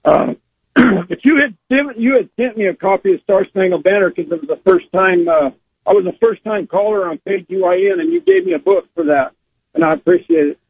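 A man's voice: sits high, sing-song, brisk, gravelly, slightly rough, dry recording. A man calling in to a radio show, speaking politely with hesitant fillers over a phone line. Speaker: caller. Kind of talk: phone call to talk radio.

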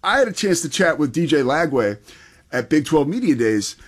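A man's voice: on the high side, big pitch swings, moderate pace. A man co-hosting a sports talk show, chatting enthusiastically and casually. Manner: enthusiastic, conversational, says dude and man.

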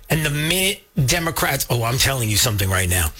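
Speaking fast with few pauses, this man has a fairly high, bright voice with lively intonation and a forceful tone. In a radio studio, he hosts a political talk show, emphatic and fired up, addressing both his co-host and the audience head-on.

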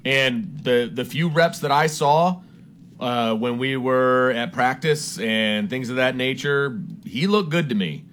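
A man's voice: mid-range voice, slow, a bit bright. A man co-hosting sports talk radio, laid-back but emphatic when giving his opinions.

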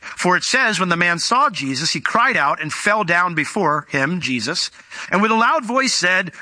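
A man preaching a sermon in an animated way, slowing down and speeding up as he tells a Bible story. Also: high-pitched, no echo. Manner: animated, acts out quoted voices, varies pace.

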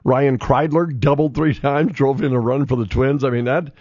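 A man's voice: mid-range voice, steady tone, moderate pace, darkish tone, no echo. A man hosting a sports radio show, telling stories animatedly and laughing often. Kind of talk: casual sports radio chat. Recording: dull, dry studio sound.

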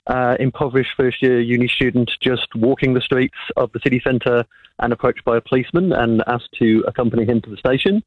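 A man's voice: mid-range voice, steady tone, fairly quick, no echo, narrow, tinny audio. A middle-aged man from the United Kingdom, calling in to a radio show with a dry, anecdotal story. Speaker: caller. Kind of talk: telling a story on a phone call.

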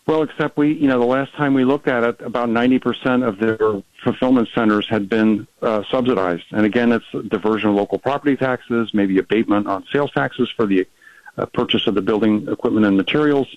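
A man, a policy researcher, talking fast as a guest in a radio interview, with many restarts and fillers. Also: mid-range voice, dry recording, dull audio.

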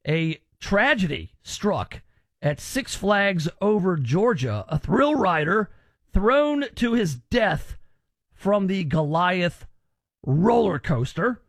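A man's voice: high voice, big pitch swings, takes it slowly, creaky, fairly bright tone, no echo, clean studio sound. A man in his thirties hosting a radio talk show, chatty and wry with rambling asides. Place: radio studio.

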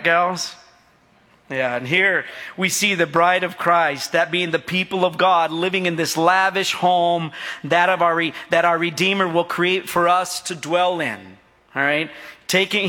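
A man's voice: sits high, bright, forceful tone. A middle-aged male pastor preaching a sermon in a folksy, joking way, often calling out to his congregation for agreement. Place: church sanctuary. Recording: long reverb of a large hall.

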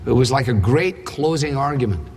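A man's voice: mid-range voice, expressive, normal speed, darkish tone, slight background noise. A man preaching a sermon, emphatic, with rhetorical questions and dry humor. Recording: husky voice in reverberant hall.

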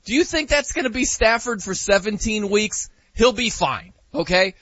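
A man hosting a sports talk show in a high, swooping voice that sounds bright and a bit husky. He jokes and throws out rhetorical questions. The recording is close and dry, with a slightly dull, lo-fi sound. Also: normal speed, no room sound. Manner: animated, joking, rhetorical questions.

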